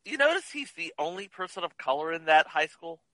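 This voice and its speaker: A man's voice: on the high side, very animated, a little fast, pushed and bright, no echo, poor audio. A man co-hosting a casual movie chat podcast, teasing and wry. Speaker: podcast co-host.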